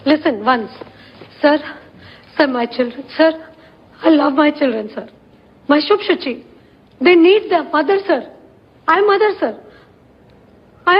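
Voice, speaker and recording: A woman's voice: sits high, a little slow, long pauses. An actress playing a distraught Indian mother who begs a judge in broken English with an Indian accent. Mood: desperate pleading. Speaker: mother in a courtroom. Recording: muffled film soundtrack with music.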